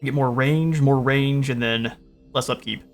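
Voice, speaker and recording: A man's voice: mid-range voice, measured pace, faint music behind. Laid-back man narrating a strategy game. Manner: relaxed, thinking aloud with frequent fillers. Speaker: gaming channel host. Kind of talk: casual strategy game commentary.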